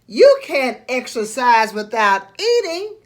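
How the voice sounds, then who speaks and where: A brisk, caring cartoon duck lady speaks firmly and instructively, voiced by a woman reading a storybook. The voice is high and lively. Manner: firm, instructive. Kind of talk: storybook read-aloud.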